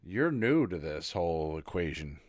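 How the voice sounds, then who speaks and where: A man narrating as dungeon master in an online tabletop game, halting with fillers and restarts. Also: sits low, sing-song, a little mellow.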